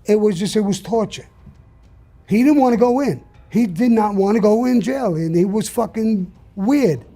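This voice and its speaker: Older man, husky and blunt. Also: sits high, normal speed, warm tone, soft background music. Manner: blunt, profane, gravelly storytelling. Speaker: interview guest. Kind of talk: storytelling in an interview.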